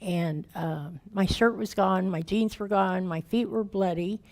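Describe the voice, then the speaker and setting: A woman's voice: mid-range voice, a little slow, darkish tone. A woman in her fifties, a guest speaker telling her recovery story in candid, plain-spoken, folksy words, emotional and raw. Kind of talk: personal recovery testimony.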